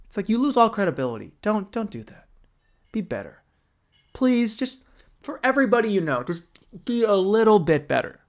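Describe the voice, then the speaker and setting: Young male podcast host, solo comedic rant, profane and animated, slightly high voice. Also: moderate pace.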